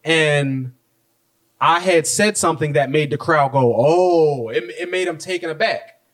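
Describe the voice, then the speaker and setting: Young guy podcast cohost, kinda high voice, animated storytelling, does the voices in his quotes. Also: unhurried. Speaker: podcast co-host. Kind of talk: casual chat.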